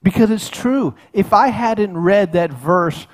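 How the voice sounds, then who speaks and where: A man's voice: sits high, lively intonation, slow pace, a little hiss or hum. Earnest folksy pastor, a man. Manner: folksy, earnest, repeats words and restarts. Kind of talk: sermon. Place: church sanctuary.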